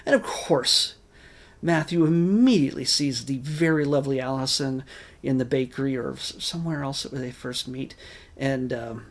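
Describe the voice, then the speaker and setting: A man's voice: medium pitch, moderate pace. A man giving a casual, rambling spoken review of a film, with wry asides and many restarts. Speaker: movie reviewer.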